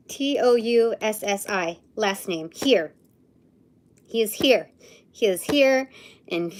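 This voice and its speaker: Woman slowly thinking out loud on a livestream, lots of ums, drifts into whispers sometimes. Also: mid-range voice. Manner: musing, hesitant, thinking aloud with fillers. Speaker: livestream host. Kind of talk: live intuitive channeling session.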